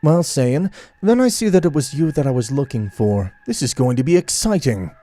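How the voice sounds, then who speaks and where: A man's voice: mid-range voice, very animated, moderate pace, warm tone, close to an everyday voice. A man doing a haughty god of destruction. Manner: haughty, commanding.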